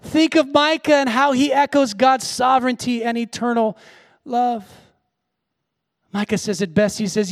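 A pastor preaching a sermon, moving from hushed, tender storytelling to loud, shouted exhortation. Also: male voice, sits high, moderate pace, no room sound, clean studio sound.

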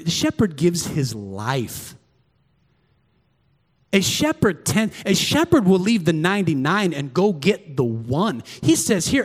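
A middle-aged man preaching a sermon as pastor in a church, swinging from excited shouts to hushed, intimate prayer. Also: a little high, long reverb tail. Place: church sanctuary.

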